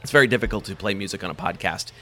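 Deep-voiced man chatting casually. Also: very fast, fairly bright tone, faint music behind. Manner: rambling, many fillers and restarts, laughs easily. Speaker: podcast host, guest on another show. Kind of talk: casual interview chat.

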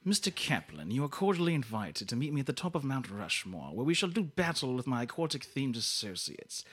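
A man putting on a suave, menacing old-film villain with a lowered, drawn-out, formal delivery. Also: completely flat delivery, bright, forceful tone, husky, exaggerated voice. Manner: formal, gloating villain speech.

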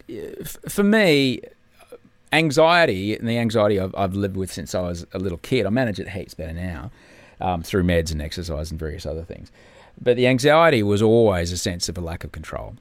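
A man with a fairly low voice, recorded without echo, appears as a guest on a casual podcast; he's a TV host recovering from surgery. Subdued and in pain, he speaks candidly, swears, and sometimes drops to a whisper.

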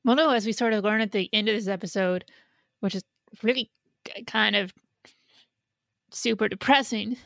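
A woman's voice: mid-range voice, normal speed, vocal fry, pauses often, fairly bright tone, no room sound. A woman co-hosting a podcast in casual chat, wry and full of questions. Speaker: podcast co-host.

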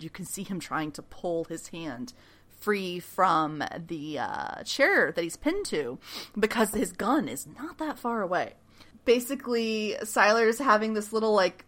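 A woman hosting a podcast, casually recapping a TV episode and animatedly acting out quoted lines. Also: medium pitch. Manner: animated retelling, acting out quotes with frequent laughs. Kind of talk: casual chat.

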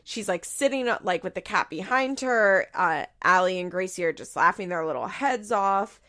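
A woman's voice: mid-range voice, animated, moderate pace, sharp tone. A young adult woman hosting a podcast, recapping reality TV in a casual, chatty way, swearing freely and laughing often. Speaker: podcast host.

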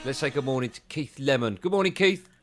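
A man's voice: medium pitch, animated, fast talker, over loud music. A man hosting a sports radio show, chatty and jokey. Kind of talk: casual radio chat.

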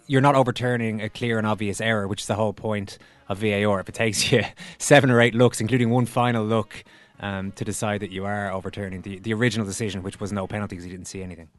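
Man, podcast host, fast speech, lowish voice, dry close sound. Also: steady tone, no echo. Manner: quick, questioning, reads rules aloud. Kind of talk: casual podcast chat.

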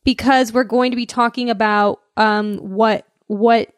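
Slightly high woman podcast co-host. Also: steady tone, measured pace, no room sound, clean studio sound. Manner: talkative, restarts sentences. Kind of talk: casual podcast chat.

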